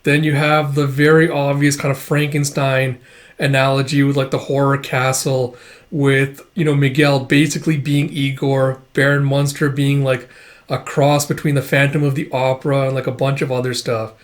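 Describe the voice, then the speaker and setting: A man talking through a manga volume in a loose, off-the-cuff review. He rambles and stacks up "like" and "you know" fillers, and he gives blunt opinions in an ordinary mid-range voice. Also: mid-range voice. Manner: opinionated, candid critique. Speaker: manga reviewer, channel host. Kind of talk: casual spoken review.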